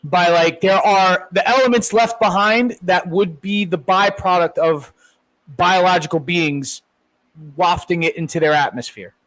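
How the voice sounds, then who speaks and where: A man with a noticeably high voice riffs on a podcast in casual, crude banter. He is excitable and swears freely. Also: measured pace, rough recording. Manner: excitable, swears often, laughs loudly. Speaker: podcast co-host.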